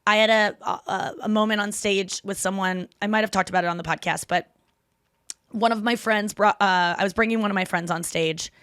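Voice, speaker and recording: Woman, podcast host, casual storytelling, mid-pitched voice, dry close sound. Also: fairly even intonation, fairly bright tone, clean tone, no echo. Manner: chatty storyteller, quick asides and self-corrections. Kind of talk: casual chat.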